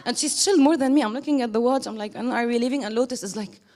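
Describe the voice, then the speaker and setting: A woman's voice: on the high side, quick pace, dark tone. A woman giving a casual, emotional thank-you speech to a group, laughing often and quoting others.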